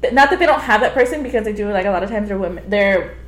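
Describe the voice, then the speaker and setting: Fast-talking, cursing woman co-host. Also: medium pitch, expressive. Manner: fast, profane, emphatic. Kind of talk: casual chat. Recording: echoey room.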